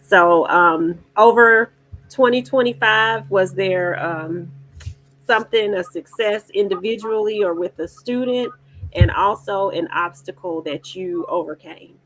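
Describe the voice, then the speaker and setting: A woman's voice: mid-range voice, a little slow, a bit bright, rough recording. Woman moderator, upbeat and encouraging, affirms guests often. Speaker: panel moderator. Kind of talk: hosting a panel talk.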